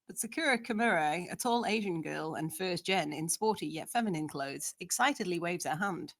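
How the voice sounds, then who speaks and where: A woman's voice: on the low side, lively intonation, moderate pace, vocal fry, a bit bright. A woman narrating, steadily reading out the scene descriptions of a screenplay.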